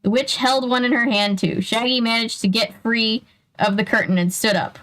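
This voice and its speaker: A woman's voice: fairly high pitch, fairly even intonation, moderate pace, a bit bright, low-quality recording. A young woman casually reading a children's mystery book aloud, breaking in with chatty asides.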